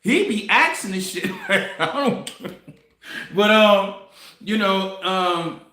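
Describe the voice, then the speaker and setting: A man hosting a casual commentary monologue, telling a story in an animated way, laughing and swearing as he goes. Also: high voice, slow pace, echoey room. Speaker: commentary host.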